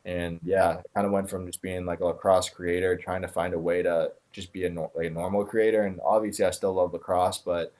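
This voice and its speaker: A man's voice: sits low, little pitch movement, brisk, few pauses, a little mellow. A young man talking casually as a podcast guest over a remote call, laid-back, with lots of fillers. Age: young adult. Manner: laid-back, filler-heavy, self-described sarcastic. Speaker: guest, content creator.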